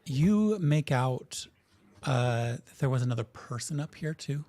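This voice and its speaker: A man narrating as game master in a tabletop game, relaxed and easygoing, with frequent hesitant fillers. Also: mid-range voice, unhurried.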